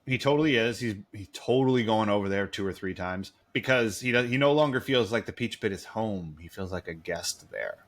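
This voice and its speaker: Man, bright voice, casual podcast recap, rambling, sarcastic, swears. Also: lowish voice, lively intonation, brisk, few pauses. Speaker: podcast co-host.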